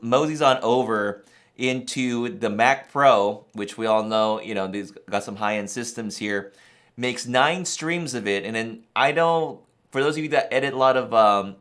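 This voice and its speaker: A man hosting a camera vlog talks in a rambling, excitable way, often laughing in disbelief. His voice sits at an ordinary mid pitch. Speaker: camera channel host. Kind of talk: excited casual reaction vlog.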